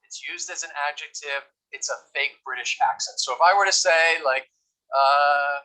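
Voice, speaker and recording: Bright-voiced guy teaching vocab online, reacting to the chat. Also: on the high side, moderate pace, rough recording. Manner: chatty, reads the chat, laughs easily. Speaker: English teacher.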